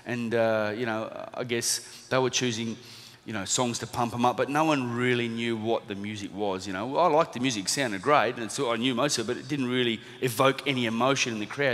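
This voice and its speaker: An Australian man in his thirties tells a story from the stage at a seminar. He speaks quickly and acts out the voices of the people in his story. His voice rings out with the long reverb of a large hall. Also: mid-range voice. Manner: animated storyteller, acts out quotes. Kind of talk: storytelling talk to a live audience.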